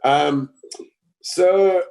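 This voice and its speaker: A man's voice: high voice, very slow, creaky, darkish tone, poor audio. A man chatting on a panel in a joking, frank way, swearing freely. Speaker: panel guest, actor. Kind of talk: casual panel chat. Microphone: video call.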